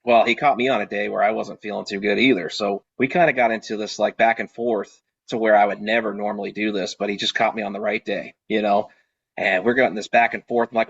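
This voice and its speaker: A man's voice: lowish voice, fairly quick, breathy edge, no room sound, highs cut off. A man who owns a party rental business, telling a casual story and acting out what he said back then. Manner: animated, acts out his own quoted lines. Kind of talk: casual storytelling on a video call.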